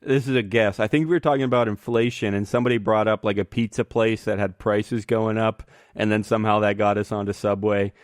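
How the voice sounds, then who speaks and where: A man hosting a casual podcast, excitable and laughing often as he talks. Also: on the low side, fairly quick, hardly any pauses, dry recording, studio quality. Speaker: podcast host.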